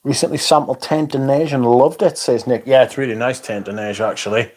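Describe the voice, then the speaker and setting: A man's voice: mid-range voice, steady tone, brisk, darkish tone. Chatty man on a livestream. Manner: swearing, chatty, reads viewer comments aloud. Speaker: livestream host reading chat. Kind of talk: casual livestream chat.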